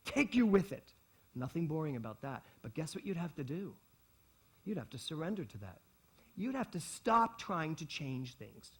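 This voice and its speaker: Animated, husky-voiced male pastor. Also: fairly high pitch. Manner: animated, repeats key lines for emphasis, playful asides. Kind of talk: sermon. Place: spiritual center service hall with congregation.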